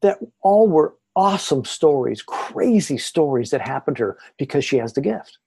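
Male interview guest who tells stories with animation; mellow tone with some breathiness. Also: fairly high pitch, moderate pace, gravelly, breathy edge. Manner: excited, lively retelling. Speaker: podcast guest. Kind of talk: animated storytelling.

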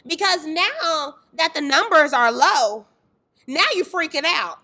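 A young woman, a fitness trainer sharing a candid faith testimony, telling it in a lively way with acted-out voices and exclamations. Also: sits high, slow pace. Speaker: fitness trainer and dance tour organizer.

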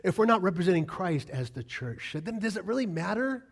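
A man preaching a sermon, animated and full of rhetorical questions, swinging between loud emphatic lines and quiet, low asides. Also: brisk, creaky, husky. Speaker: pastor.

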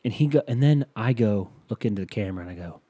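A man's voice: fairly low pitch, lively intonation, quick pace, warm tone, breathy edge, no echo. Profane, rambling male comedian. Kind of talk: crude comedic riffing.

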